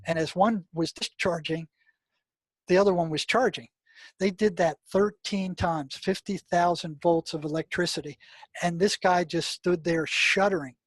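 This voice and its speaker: Brief: older male interview guest, slightly high voice, dry close sound, emphatic with lots of fillers. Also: fairly even intonation, normal speed, no echo. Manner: emphatic storyteller, many "I mean" and "you know" fillers. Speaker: guest, retired mental health practitioner. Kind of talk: storytelling interview talk.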